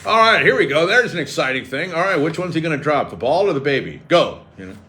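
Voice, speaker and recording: This sports radio host has a voice on the high side and talks fast, joking sarcastically and riffing in lively, casual banter. A little hiss or hum can be heard.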